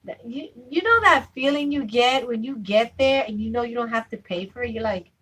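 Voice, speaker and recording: A woman's voice: fairly high pitch, brisk, fairly bright tone, slightly rough, rough recording. A young adult woman chatting casually with viewers on a live stream, full of fillers and asides. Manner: chatty, fillers like "you know what I'm saying".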